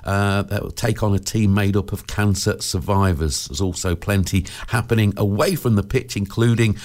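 A man's voice: lowish voice, normal speed, darkish tone. A man presenting a local radio show in casual, rambling chat, full of 'uh' fillers and restarts, joking and laughing at his own asides. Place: radio studio.

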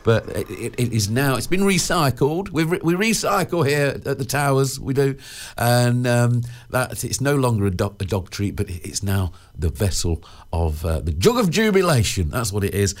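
A man's voice: mid-range voice, very animated, moderate pace. Chatty man hosting local radio. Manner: chatty and rambling, with frequent 'uh' fillers and restarts; jokey, laughs at his own asides. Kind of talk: casual radio chat. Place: radio studio.

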